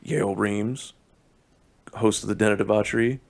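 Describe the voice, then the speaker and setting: A man's voice: fairly low pitch, fairly even intonation, moderate pace, vocal fry. A young man co-hosting a podcast, talking bluntly and crudely in a wry, casual chat. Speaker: podcast co-host.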